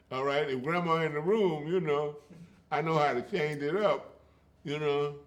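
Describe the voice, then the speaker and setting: An older man in an interview, talking in a rhythmic, emphatic way and often tagging lines with "you know" and "okay.". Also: on the high side. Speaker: interviewee, griot. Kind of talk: casual conversational storytelling.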